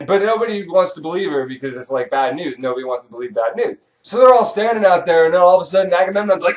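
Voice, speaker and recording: Male comic narrator; animated, irreverent, rambling delivery. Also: sits high, fast talker, hardly any pauses. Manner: profane, sarcastic, rambling. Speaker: comedic myth narrator.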